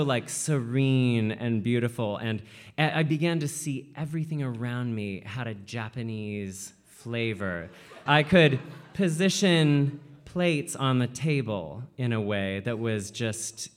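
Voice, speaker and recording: A man from Washington state, USA, tells a personal story in a medium-pitched voice. He's animated, peppers his speech with "like," and keeps slipping into quoted voices.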